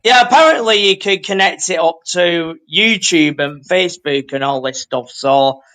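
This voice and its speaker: A man's voice: high voice, normal speed, sharp tone. A man guest on a live stream, chatting in an easygoing, hesitant way with lots of ums and uhs. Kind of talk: casual chat on a live stream.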